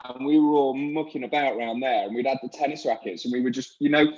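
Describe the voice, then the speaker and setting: A man's voice: mid-range voice, fast talker, a little mellow, highs cut off. A man in his thirties with an English accent, a podcast guest reflecting loosely on school days, full of fillers. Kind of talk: casual chat.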